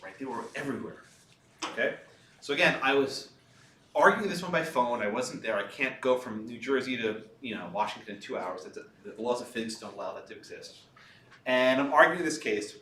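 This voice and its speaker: Lively man telling a story in an echoey room. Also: medium pitch, far from the mic, a little hiss or hum. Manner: lively anecdotal telling, laughs at own story. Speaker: lawyer giving a talk. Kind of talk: storytelling lecture. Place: lecture room.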